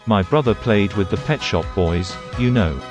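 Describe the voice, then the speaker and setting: Male reader, low-ish voice, deadpan, music bed behind. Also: normal speed. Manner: deadpan, dry humour. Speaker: podcast segment reader. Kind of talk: deadpan reading of results.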